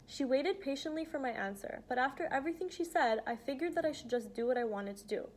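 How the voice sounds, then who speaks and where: Female audiobook narrator, soft and intimate first-person reading, slightly high voice. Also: expressive. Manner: quiet, unhurried, intimate. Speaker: reader.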